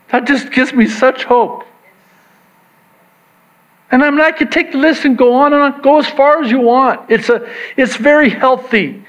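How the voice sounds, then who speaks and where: A man preaching a sermon to his church, swinging from hushed reflection to excited emphasis, with joking asides. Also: extremely high pitch, unhurried. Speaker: pastor. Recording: dull lo-fi sound.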